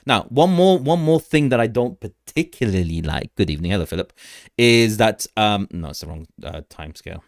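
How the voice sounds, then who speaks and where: A man's voice: fairly low pitch, expressive, normal speed, gravelly, no room sound, clean studio sound. A young man hosting a casual crypto livestream, rambling through charts, greeting viewers in the chat and laughing often.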